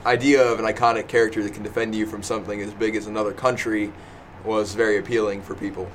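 A man with a lowish voice, musing through ideas in a relaxed podcast chat. He hesitates and restarts, leaning on fillers. Faint fan noise is heard behind him. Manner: hesitant, halting, fills pauses with um and laughs. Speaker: podcast host. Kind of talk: casual podcast discussion. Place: small indoor room with a noisy fan.

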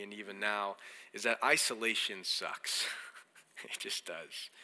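A man preaching a sermon as a pastor, telling a lively story and acting out his friends' lines, then reading scripture slowly. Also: fairly low pitch. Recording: long hall reverb.

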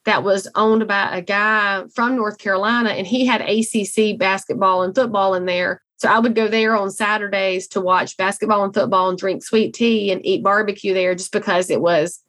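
A woman's voice: mid-range voice, steady tone, normal speed, hardly any pauses, a bit bright. Middle-aged southern woman, blunt and folksy, jokes at her own expense, chatty interview guest. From American South. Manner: folksy, blunt, self-deprecating humor. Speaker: guest, real estate CEO. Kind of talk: conversational interview storytelling.

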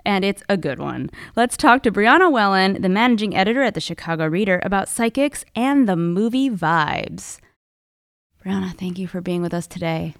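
A woman's voice: mid-range voice, lively intonation, normal speed, no room sound, clean studio sound. A woman hosting a podcast, telling a personal story in a wry, conversational way. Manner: wry, conversational, with casual fillers. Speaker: podcast host.

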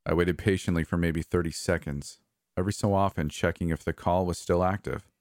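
A man reading a first-person horror story in a measured, somber way. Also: deep voice, fairly even intonation, a little mellow, dry recording, clean studio sound. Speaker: narrator. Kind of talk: scripted horror narration.

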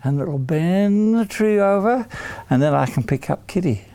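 A lonely, kindly pastor thinks out loud about what to do next, as a storyteller voices him. The voice is gravelly and sits a little high. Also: male voice, expressive, moderate pace. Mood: musing. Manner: musing aloud to himself.

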